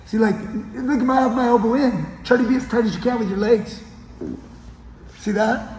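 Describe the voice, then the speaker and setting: A man's voice: very high voice, fairly even intonation, moderate pace, darkish tone. A man coaching grappling as he demonstrates a technique on the mats, often checking in with his partner as he goes. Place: training gym on the mats. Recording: echoey gym with long reverb.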